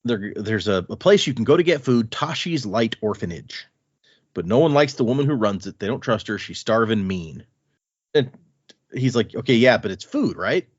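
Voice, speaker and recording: Man podcaster, chatty recap, lively pitch, dry dull lo-fi mic. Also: normal speed, breathy edge, no room sound. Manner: animated, chatty retelling. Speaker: podcast co-host. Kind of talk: casual book discussion.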